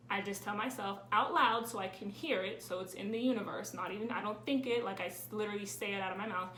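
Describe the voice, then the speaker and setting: A woman's voice: medium pitch, a bit bright. Young woman vlogger, casual Q&A to a tripod camera, chatty and candid, roomy sound, light background noise. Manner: chatty and candid, with frequent "like" fillers. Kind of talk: casual Q&A vlog. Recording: roomy with faint ambient noise.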